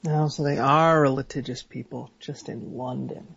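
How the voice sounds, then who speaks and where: A man co-hosting a comedic podcast over a remote call, talking in a deadpan, dry way. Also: medium pitch, moderate pace, vocal fry, breathy edge, lo-fi sound. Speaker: podcast co-host. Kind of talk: casual comedic podcast chat.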